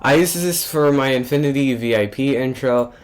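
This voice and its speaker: A young male music producer casually explains how he built a track, speaking at normal speed with a medium-pitched voice. His tutorial narration is loose and offhand, with frequent fillers and restarts.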